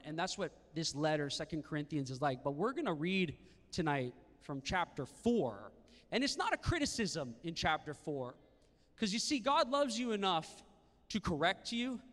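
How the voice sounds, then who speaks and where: A young man preaching an interactive sermon to a live congregation, swinging from hushed tones to shouting, with call-and-response. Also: high-pitched. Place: large hall with congregation. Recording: long hall reverb.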